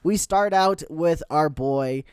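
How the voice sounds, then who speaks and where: A man hosting a podcast, recapping cartoon episodes in casual, animated chat and laughing often. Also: a little high, takes it slowly, clean tone, no room sound, clean studio sound. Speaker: podcast host.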